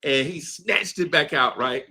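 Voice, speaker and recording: A man's voice: on the high side, a little slow, creaky, sharp tone, slightly rough. A man in his fifties telling a story in a laid-back podcast chat, laughing often and asking "right?" after his points. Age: 50s. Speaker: podcast co-host. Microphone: streamed podcast mic.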